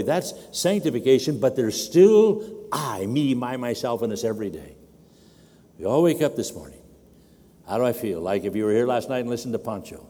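An older man preaching a sermon at a conference, getting animated as he acts out a demanding baby in a raised voice. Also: medium pitch, moderate pace, slightly rough, long reverb tail. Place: large conference hall.

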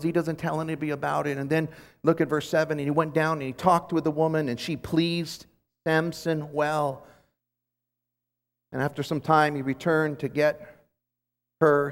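Male conference preacher, slightly raised pitch, lively halting delivery, long hall echo. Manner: animated storytelling with frequent restarts. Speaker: conference speaker teaching scripture. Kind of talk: sermon.

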